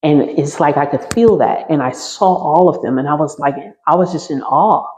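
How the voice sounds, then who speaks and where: A woman's voice: low-pitched, moderate pace, darkish tone. A woman teaching a healing class, telling a personal story to her listeners and circling back over her own phrases as she recounts it. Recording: roomy and slightly muffled.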